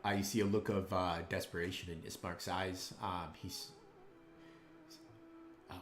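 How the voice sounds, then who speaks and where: Low-voiced game master narrating, echoey. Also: male voice, little pitch movement, soft background music. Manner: measured, hesitant narration with many fillers. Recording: roomy echo.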